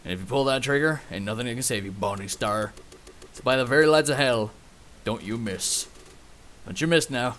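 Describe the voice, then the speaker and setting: A man voicing a grizzled cowboy narrator in a put-on Texan drawl, reading game narration slowly and low. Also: fairly bright tone, lightly acted. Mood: grave. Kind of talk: game narration read aloud.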